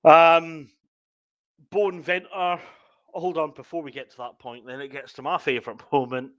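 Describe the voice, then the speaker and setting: A man's voice: a little high, steady tone, moderate pace, fairly bright tone, dry recording, lo-fi sound. A man, co-hosting a casual podcast and walking through match moments step by step. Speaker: podcast co-host. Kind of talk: casual sports chat.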